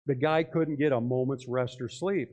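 A man's voice: medium pitch, moderate pace, darkish tone. A male pastor preaching a sermon in church, talking conversationally and putting many questions to his listeners.

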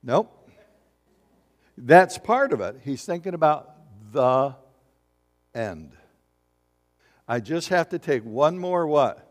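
A man preaching a sermon in a lively, conversational way, asking the congregation questions and acting out little voices. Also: fairly high pitch, slow, long pauses. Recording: long hall reverb.

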